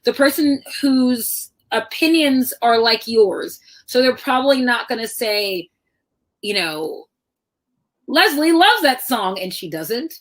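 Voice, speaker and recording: A middle-aged woman author telling personal stories in a lively conversational talk, acting out the voices of people she quotes. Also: fairly high pitch, slow pace. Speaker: author guest.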